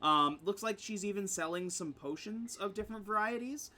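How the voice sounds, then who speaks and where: A man's voice: high-pitched, normal speed, bright, forceful tone. A man narrating as game master in a casual tabletop game, talking loosely with many fillers.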